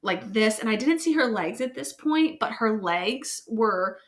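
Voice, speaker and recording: A woman recounting her own experience in relaxed podcast conversation, full of "like" fillers and trailing restarts. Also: unhurried. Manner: acts out quoted dialogue in a higher voice. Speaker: bereaved mother sharing her story. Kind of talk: casual conversational storytelling.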